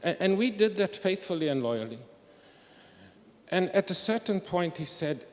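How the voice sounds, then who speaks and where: A man's voice: high voice, big pitch swings, moderate pace, pauses often. An older man giving a reflective, candid talk at an academic conference. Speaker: conference speaker. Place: large historic hall. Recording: long reverb of a large hall.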